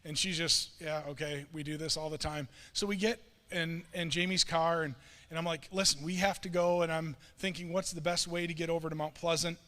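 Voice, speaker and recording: A middle-aged man pastor telling a self-mocking story in a sermon, animated and quoting himself and others. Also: a little high, a little fast. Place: church sanctuary. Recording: long reverb of a church hall.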